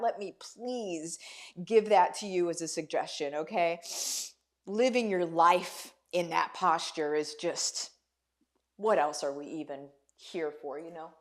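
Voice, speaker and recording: A woman's voice: fairly low pitch, measured pace. A woman hosts a live video for her followers, her voice tearful and a little shaky. She speaks from the heart and repeats key phrases with a preacher's emphasis. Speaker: online business coach and livestream host. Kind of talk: emotional live video talk to viewers.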